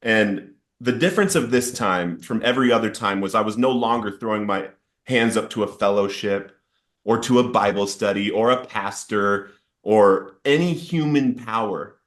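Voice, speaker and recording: Male guest, lower register, earnest testimony delivery, builds intensity when recounting outbursts. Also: normal speed. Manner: earnest, storytelling with rising intensity in quoted outbursts. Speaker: podcast guest sharing recovery story. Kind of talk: emotional personal testimony.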